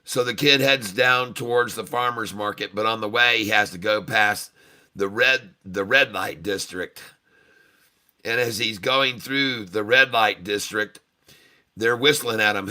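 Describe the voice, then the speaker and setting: A man's voice: on the low side, measured pace, pushed and bright. A man hosting a trading livestream and telling a bawdy joke in a folksy, chuckling way. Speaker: day-trading livestream host.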